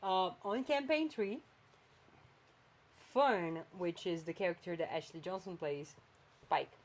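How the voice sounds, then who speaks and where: A woman's voice: fairly low pitch, unhurried. Chatty woman podcast host. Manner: animated, chatty, swings between flat and emphatic. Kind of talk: casual chat.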